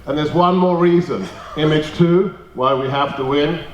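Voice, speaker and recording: A man's voice: on the high side, moderate pace, dull audio, background noise. A man giving an emphatic rally speech to a party meeting, telling jokey anecdotes. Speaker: guest speaker at a party meeting. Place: meeting hall. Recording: roomy hall, distant mic.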